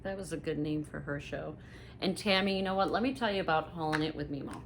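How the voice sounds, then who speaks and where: Chatty middle-aged woman, lowish voice. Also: fast talker, background noise. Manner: rambling, gossipy, animated asides to viewers. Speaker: haul vlogger. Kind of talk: casual chatty haul video.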